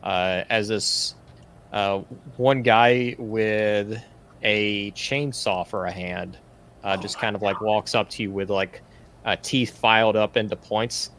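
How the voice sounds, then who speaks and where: A man's voice: lowish voice, slow. Laid-back male game master narrating. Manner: relaxed, rambling with many fillers.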